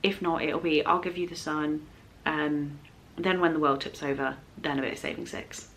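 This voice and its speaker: Woman rambling about books at home, bit low-pitched, some faint noise in the background. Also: steady tone, normal speed. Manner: chatty, rambling, with fillers and self-corrections. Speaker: book vlogger. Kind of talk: casual vlog chat. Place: home, indoors.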